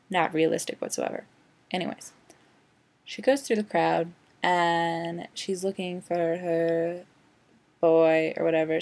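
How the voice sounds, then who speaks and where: A woman's voice: fairly low pitch, creaky, a little mellow. A young woman vlogging a casual, rambling movie rant, sarcastic and full of "like". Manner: sarcastic, rambling, heavy use of "like".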